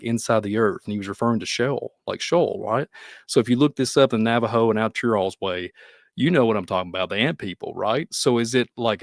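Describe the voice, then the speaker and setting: A man with a Kentucky accent hosting a podcast, talking in a rambling, animated way with frequent laughs. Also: medium pitch, no echo, clean studio sound. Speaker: podcast host. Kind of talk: casual conversation.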